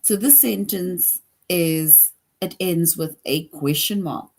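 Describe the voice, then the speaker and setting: A woman's voice: lowish voice, takes it slowly, a little mellow. A woman teaching a grade school grammar lesson, patient, repeating each point and often checking in with "right?".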